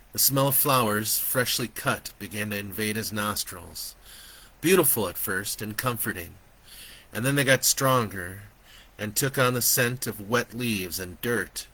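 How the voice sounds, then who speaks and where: A man reading aloud from his own horror novel in a slow, deliberate storytelling manner. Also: on the low side, pushed and bright, poor audio. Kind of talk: audiobook narration.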